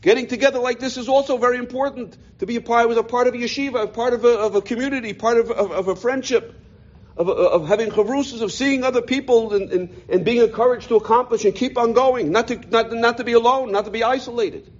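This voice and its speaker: A man, a rabbi from the United States, telling his life story in an animated way, often repeating words as he goes. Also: very high-pitched, fast, highs cut off. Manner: animated, repeats words, voices quoted people. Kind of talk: personal storytelling talk.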